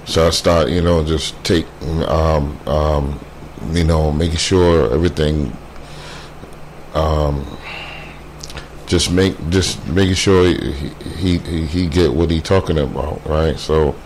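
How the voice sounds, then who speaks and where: A man with a very deep voice tells a personal story slowly, often stopping to restart his words. His talk is casual and unscripted, full of fillers. A faint hiss sits under the recording. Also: fairly even intonation, darkish tone. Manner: halting, many fillers and repeated words; quotes others in a brisk voice.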